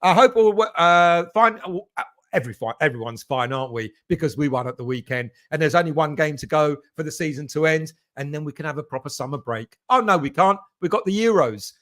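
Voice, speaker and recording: A man's voice: fairly high pitch, animated, a little fast, a bit bright. A man from England hosting a casual live stream for football fans, rambling and greeting chat viewers by name. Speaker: fan channel host reading live chat.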